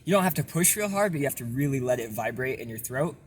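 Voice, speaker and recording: A young man casually explaining a vocal technique in a relaxed, rambling way with lots of fillers. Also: mid-range voice, fast talker, a little hiss or hum. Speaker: self-taught vocal tutorial maker.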